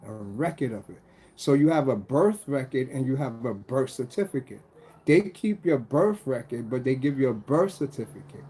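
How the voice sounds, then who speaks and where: A man's voice: mid-range voice, mellow. A man talking casually to an audience in a rambling way, restarting phrases and asking rhetorical questions. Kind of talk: casual explanatory monologue.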